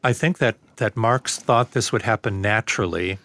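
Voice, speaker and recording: A man being interviewed as a guest professor, explaining in a measured, lecturing way with frequent fillers. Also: lowish voice, fairly bright tone. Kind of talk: conversational interview.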